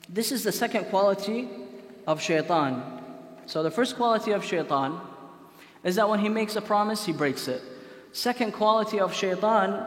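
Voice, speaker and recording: A man giving a conversational religious lecture, telling stories with many rhetorical questions. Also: high-pitched. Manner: casual storytelling, frequent rhetorical questions. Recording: echoey hall.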